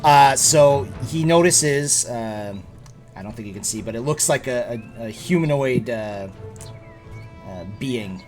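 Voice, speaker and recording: A man's voice: medium pitch, expressive, a little slow, soft background music. A man narrating as game master, with a loose, rambling delivery full of fillers.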